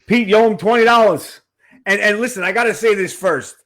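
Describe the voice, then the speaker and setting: Hosting a podcast interview, a man from Queens chats in a jokey, talkative way with a heavy New York accent. His voice is high-pitched, fairly quick and a bit bright.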